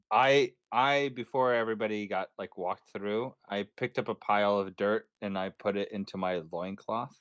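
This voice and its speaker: A man's voice: on the low side, steady tone, fairly bright tone, dry recording. A man playing a tabletop game, joking around as a player. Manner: joking, slow.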